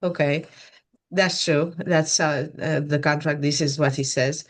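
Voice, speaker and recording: A woman's voice: low-pitched, steady tone, measured pace. Hesitant woman practicing a role-play. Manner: hesitant, many fillers. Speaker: agent in a training role-play.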